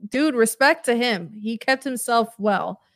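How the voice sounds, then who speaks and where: A woman's voice: a little high, expressive, measured pace, no echo, clean studio sound. A woman co-hosting a casual talk podcast, speaking candidly and emphatically with casual swearing. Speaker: podcast co-host. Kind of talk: casual chat.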